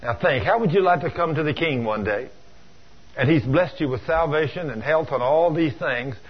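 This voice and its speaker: A man's voice: a little high, moderate pace, husky. A man preaching a folksy story sermon, acting out dialogue, over a dull lo-fi radio broadcast. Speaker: preacher, church deacon.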